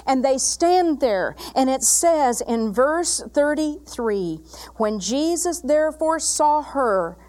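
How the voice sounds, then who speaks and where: A woman with a fairly high voice preaches a sermon. She moves between loud, emphatic bursts and quiet, intimate passages that draw the listener in. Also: lively intonation, takes it slowly.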